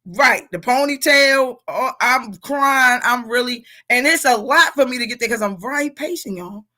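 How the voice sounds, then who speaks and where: Woman, middle-aged, workshop facilitator, animated, laughing, bright tone. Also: fairly high pitch, moderate pace. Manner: animated, laughing, talks to the group as y'all. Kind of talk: casual group chat reading comments.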